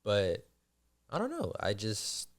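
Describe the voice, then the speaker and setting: A man's voice: lowish voice, wildly swooping pitch, slow pace. A young man in casual conversation with his father, reflective and hesitant as he searches for words. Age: young adult. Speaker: podcast co-host, son.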